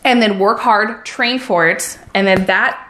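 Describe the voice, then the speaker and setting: A woman's voice: medium pitch, a little slow, sharp tone, roomy sound. Upbeat, encouraging woman vlogger. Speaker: vlogger, runner and mom. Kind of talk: casual motivational vlog.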